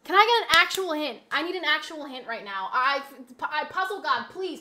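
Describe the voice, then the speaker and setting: Woman streamer with a bright, sharp voice; rambling and exasperated, prone to yelling outbursts. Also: high-pitched, animated, moderate pace. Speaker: live streamer. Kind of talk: casual live-stream chat.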